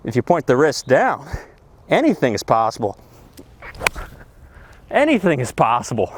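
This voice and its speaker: A man teaching golf outdoors on a practice area, talking to camera with excitable, exclamatory enthusiasm. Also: medium pitch, moderate pace, long pauses. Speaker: golf instructor. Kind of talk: energetic golf lesson to camera.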